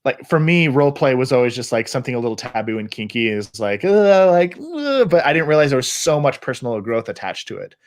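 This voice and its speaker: A man's voice: mid-range voice, big pitch swings, fairly quick, few pauses. A man hosting a live video call interview, asking long, rambling questions full of fillers. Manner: rambling, hesitant, many fillers. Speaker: host.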